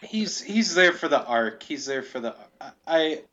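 A man's voice: fairly high pitch, sing-song, bright, forceful tone, highs cut off. Laid-back man, often laughing. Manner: laughing often, halting restarts. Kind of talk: casual movie chat.

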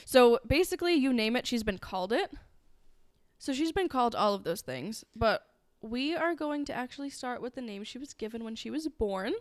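Chatty woman with a smooth, clear voice. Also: a little high, expressive, normal speed, dry recording, studio quality. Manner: chatty, storytelling, friendly asides. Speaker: podcast co-host. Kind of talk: casual true crime podcast chat.

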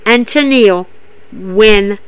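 A woman hosting a casual wrestling recap, gushing and excitable, talking straight to her listeners. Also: mid-range voice, takes it slowly, clear, resonant tone.

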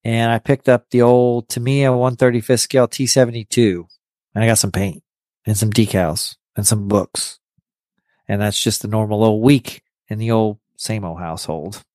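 A man hosting a hobby podcast in casual chat, halting and restarting his sentences often. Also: lowish voice, steady tone, a little mellow, no room sound, studio quality. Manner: halting, with many stammered restarts. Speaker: podcast host.

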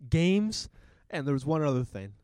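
A man's voice: a little high, very animated, normal speed, darkish tone, clear, resonant tone, dry recording. A young man hosting a podcast, telling a rambling story full of swearing and laughter. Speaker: podcast host. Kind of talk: casual chat.

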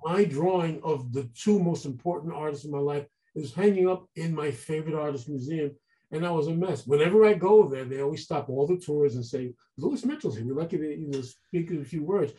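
Animated storytelling man, mellow voice. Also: a little high, fairly quick, poor audio. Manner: animated, acts out quoted voices. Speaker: guest artist. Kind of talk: casual storytelling.

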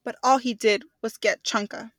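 A woman's voice: fairly high pitch, steady tone, normal speed, no room sound. A young woman from Texas co-hosting a podcast, quizzing her partner in playful casual chat and laughing often. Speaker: podcast co-host.

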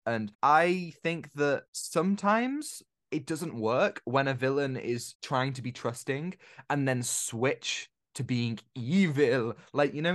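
Male podcast co-host, mid-range voice, casual and talkative, restarts sentences. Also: medium pitch. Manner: talkative, repeats words when starting sentences. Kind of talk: casual film discussion.

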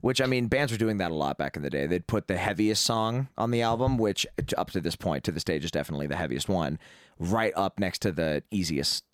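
Low-voiced man hosting a music podcast. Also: fairly quick, no echo, studio quality. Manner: relaxed, reads out lyrics flatly. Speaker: podcast host. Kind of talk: casual chat about music.

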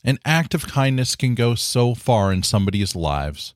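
Here a man hosts his own podcast solo, his mid-range voice very animated at a normal speed. The studio recording is clean with no room sound, and his casual talk stays earnest and encouraging, with plenty of "you know" fillers.

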